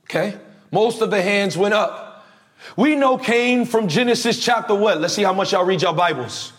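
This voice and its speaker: High-voiced energetic male preacher. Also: moderate pace. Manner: energetic, preaching with calls to the congregation. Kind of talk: sermon. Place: church before a congregation.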